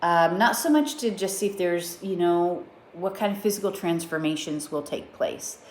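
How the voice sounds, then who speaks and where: A woman's voice: lowish voice, normal speed, roomy sound, slight background noise. A middle-aged woman speaking earnestly and reflectively in a personal video journal. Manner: earnest, heartfelt, self-reflective. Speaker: vlogger.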